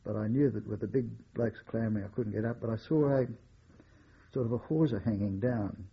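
An older man, a war veteran, recalling his memories in a measured oral-history style with occasional wry chuckles. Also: on the low side, breathy edge, lo-fi sound.

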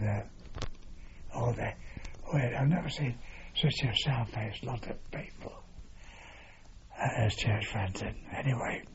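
An older man recounting his wartime service in an oral history, halting with fillers and mild swearing. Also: mid-range voice. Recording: dull lo-fi recording with steady noise.

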